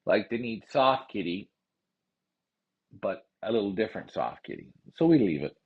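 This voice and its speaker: A man hosting a pigeon racing show, ranting heatedly with lots of profanity and repetition, then calmly explaining how he handles his birds. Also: fairly low pitch, moderate pace, slightly rough, highs cut off. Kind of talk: casual livestream talk.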